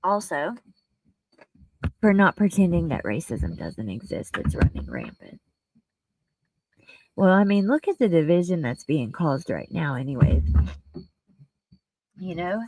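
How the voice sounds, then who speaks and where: A woman's voice: fairly low pitch, very animated, measured pace, long pauses, darkish tone, no echo, low-quality recording. A woman hosting a casual livestream, talking to her viewers in an earnest, openly emotional and chatty way as she goes through news and reads the chat. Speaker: livestream host.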